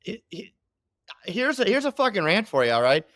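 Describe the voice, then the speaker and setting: A man's voice: high-pitched, very animated, moderate pace, a bit bright, no room sound, clean studio sound. A man who co-hosts a sports podcast and delivers heated, profane rants. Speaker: co-host, sports bettor.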